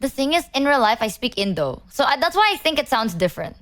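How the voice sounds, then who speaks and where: A woman's voice: high voice, very animated, fast talker, fairly bright tone. Playful rambling young woman. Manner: playful, rambling, hesitant restarts. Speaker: VTuber streamer. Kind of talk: casual chat.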